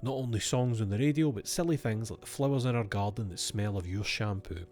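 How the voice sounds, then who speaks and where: A man's voice: lowish voice, fairly quick, darkish tone. A man streaming a game, reading its letters aloud and breaking off for wry asides to himself.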